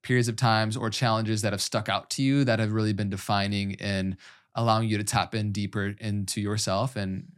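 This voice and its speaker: Low-ish male host asking long questions. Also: fairly even intonation, fairly quick, smooth. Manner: long, rambling, warm-hearted questions. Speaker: podcast host. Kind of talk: casual interview questions.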